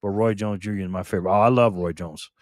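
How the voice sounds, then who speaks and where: A man's voice: on the low side, steady tone, quick pace, darkish tone, dry recording. A man hosting a casual live stream, chatting loosely with viewers by name and repeating himself.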